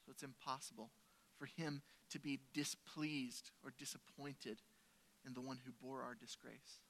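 In a church service, a male pastor preaches a sermon, telling stories conversationally as he swings between loud emphasis and soft, lowered lines. His intonation stays fairly even and his delivery is a little slow, with slight background noise audible.

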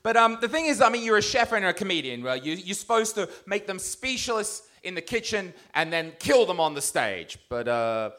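A man's voice: sits high, sing-song, moderate pace, hardly any pauses, bright, forceful tone. A man doing live stand-up on a comedy stage, roasting people in the audience with crude, mocking banter.

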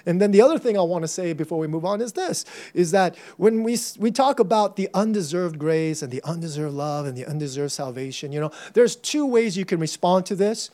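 A man preaching a sermon as pastor, animated, acting out voices and shouting for emphasis. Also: high-pitched, brisk, hardly any pauses.

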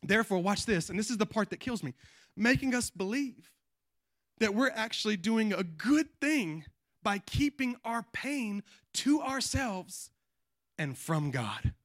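High, bright-voiced preaching man. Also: big pitch swings, unhurried, no room sound, clean studio sound. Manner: preaching with loud emphatic peaks and quiet drops; calls on the congregation to respond. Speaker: pastor. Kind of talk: sermon.

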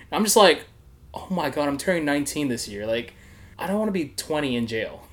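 A man's voice: on the high side, a little fast. Laughing young man telling a story. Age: young adult. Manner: laughing often, swearing, animated storytelling. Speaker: podcast host. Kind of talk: casual storytelling chat.

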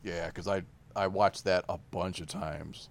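Commentary co-host: very deep, gravelly man, dry and relaxed, faint noise behind. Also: unhurried. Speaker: podcast co-host. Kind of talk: casual movie commentary.

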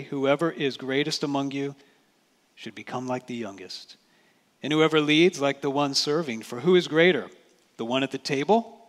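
Pastor preaching in a reverberant church. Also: male voice, medium pitch. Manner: conversational preaching with rhetorical questions. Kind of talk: sermon. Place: church sanctuary.

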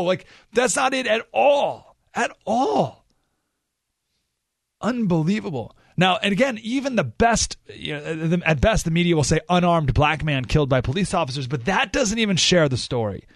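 A male talk radio host speaking at a fairly high pitch into a studio mic, with a dry, close sound. He talks casually, slows almost to a crawl to hammer home a point, then jumps up in pitch with animated exclamations. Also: no room sound. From San Diego area. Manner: emphatic, slows right down to stress points, animated outbursts. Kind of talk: conversational talk radio monologue. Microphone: studio microphone.

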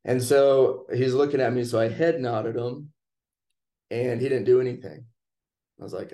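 A man casually telling a personal story in conversation, relaxed and chatty, acting out what people said. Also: mid-range voice, normal speed, long pauses. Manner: relaxed, chatty, acts out quoted lines.

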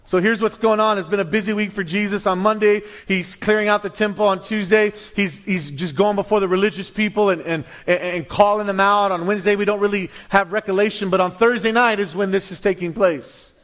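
A middle-aged male pastor preaching a sermon, animated and storytelling, acting out little voices with many restarts. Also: high-pitched, brisk, hardly any pauses.

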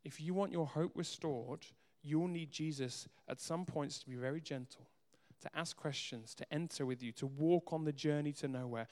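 A man preaching a sermon as pastor, earnest, moving between soft quiet asides and emphatic raised lines. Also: on the high side, moderate pace, few pauses. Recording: long hall reverb.

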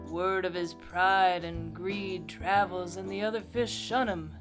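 A woman voicing a smooth, cool female radio DJ as she reads a book summary aloud. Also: lowish voice.

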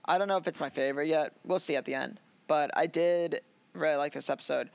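A man's voice: a little high, quick pace, gravelly, smooth, no echo. A man co-hosting a casual anime review chat, rambling, laughing and acting out scenes as he talks. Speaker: podcast co-host.

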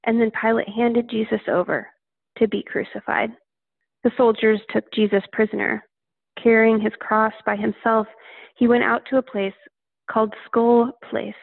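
A woman reading a Bible passage aloud in a steady, plain manner. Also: a little high, normal speed, gravelly, slightly rough, dry recording. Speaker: scripture reader. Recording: tinny phone-like line.

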